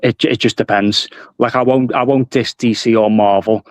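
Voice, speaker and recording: A man's voice: mid-range voice, fairly even intonation, moderate pace, no echo. A young man with a Scouse accent from Liverpool, chatting easily as a new guest, self-deprecating and laughing often. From Liverpool, England. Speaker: guest joining the stream. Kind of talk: casual chat.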